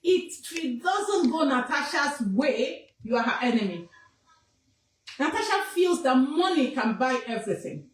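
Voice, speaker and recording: Emphatic Nigerian woman, high voice, echoey room. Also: big pitch swings, measured pace, distant mic. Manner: emphatic, repetitive, scolding. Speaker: activist. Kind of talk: impassioned public statement.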